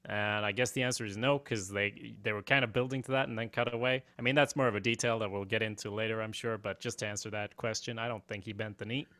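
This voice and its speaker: A young man co-hosting a podcast in casual chat, relaxed and wry, reading out listener questions. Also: on the low side, fast talker, few pauses. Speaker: podcast co-host.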